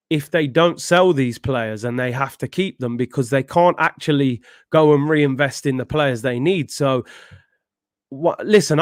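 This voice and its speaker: Animated football fan host. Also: male voice, a little high, no room sound, studio quality. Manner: animated, chatty, reads viewers' messages. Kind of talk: casual live-stream chat.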